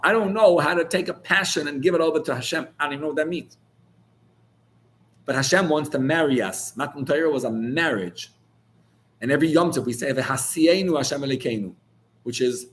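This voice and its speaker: A man's voice: mid-range voice, a little hiss or hum. A man, a rabbi, giving an informal Torah class in a searching, conversational way, full of restarts, that builds to heated emphasis on key words.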